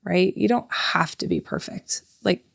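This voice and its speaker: A woman's voice: on the low side, wildly swooping pitch, measured pace, gravelly, husky, no room sound, studio quality. A woman in her thirties, a therapist hosting a parenting podcast, talking casually with lots of "like" fillers. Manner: chatty, frequent "like" fillers. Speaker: podcast host.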